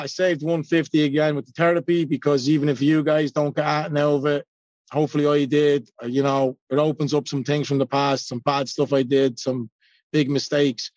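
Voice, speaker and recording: A man's voice: fairly high pitch, darkish tone, dry recording, lo-fi sound. An Irish man in his forties giving a blunt, self-mocking personal share at a recovery meeting, swearing freely. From Ireland. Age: 40s.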